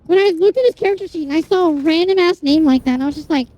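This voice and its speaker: A streamer chatting casually with viewers, telling animated, exasperated stories full of swearing. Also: extremely high pitch, racing, highs cut off. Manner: animated storytelling, heavy swearing, exasperated rants.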